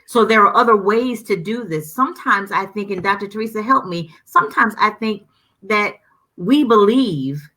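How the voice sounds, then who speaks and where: A woman's voice: mid-range voice, expressive, normal speed, bright, forceful tone, poor audio. A middle-aged woman speaking as a guest, fervent and preacher-like, with lots of repetition. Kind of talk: conversational discussion.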